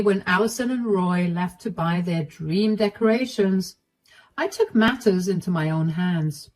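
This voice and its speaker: A woman narrating a first-person family drama story in a steady, even delivery. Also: on the low side, rough recording.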